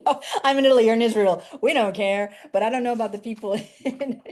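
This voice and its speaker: A woman who writes poetry for children, chatting lively in an interview over a video call. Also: on the high side, fast, noisy background. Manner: lively, chatty, laughs easily. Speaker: children's poet and author. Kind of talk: casual interview chat.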